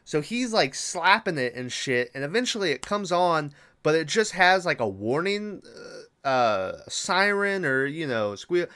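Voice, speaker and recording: A man's voice: on the high side, sing-song, unhurried, pushed and bright, clear, resonant tone. A man hosting a podcast, recapping a movie in a casual, rambling, profane way with lots of filler words. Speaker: podcast host.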